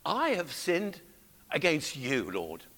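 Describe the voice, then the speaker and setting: A man's voice: fairly high pitch, wildly swooping pitch, slow, fairly bright tone, full character voice. A man voicing a repentant king, pleading fervently for mercy in prayer.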